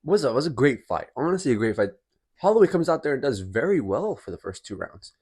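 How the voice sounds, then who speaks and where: A young man with a hoarse, worn voice, still getting over being sick, talking casually and rambling as he breaks down a fight night. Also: mid-range voice, very animated, fast talker, a little mellow. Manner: chatty, rambling, lots of restarts. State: hoarse, recovering from illness. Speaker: MMA commentary vlogger.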